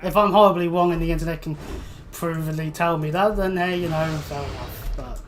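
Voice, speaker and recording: A woman's voice: deep voice, brisk, faint music behind. A woman livestreaming a game, rambling casually with joking asides to herself while she plays. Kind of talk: casual gameplay commentary.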